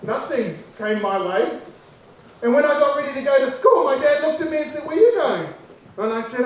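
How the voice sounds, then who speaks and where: A man with a New Zealand accent doing stand-up storytelling, animated and acting out the people in his story. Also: very high voice, normal speed. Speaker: comedian. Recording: echoey distant stage recording with faint noise.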